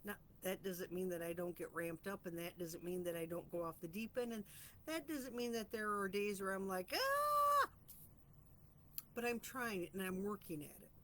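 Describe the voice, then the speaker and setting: A woman hosting a weekly reflection vlog, talking in an earnest, chatty, reflective way about calm and boundaries, stretching out phrases for emphasis. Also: medium pitch, brisk, slight background noise. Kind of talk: casual spiritual self-help musing.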